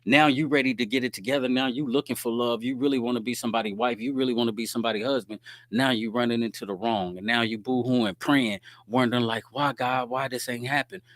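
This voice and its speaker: A man's voice: medium pitch, fairly even intonation, fast talker, dry recording. A man giving a streetwise, preachy faith-based talk straight to his listeners.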